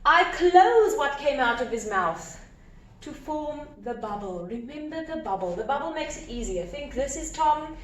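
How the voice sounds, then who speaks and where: A woman teacher explaining a grammar lesson step by step, animated and repeating key points. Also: high voice, measured pace, a little hiss or hum. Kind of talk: recorded grammar lesson at a whiteboard. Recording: echoey room with faint ambience.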